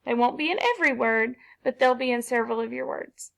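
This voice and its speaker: High-pitched teacher lady sounding out words for little kids, slow and patient, bit of vocal fry. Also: fairly bright tone. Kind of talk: phonics lesson for young children.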